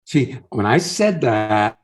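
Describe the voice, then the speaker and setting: Coaching co-host, unhurried and encouraging, animated pitch, video call. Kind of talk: casual coaching talk show.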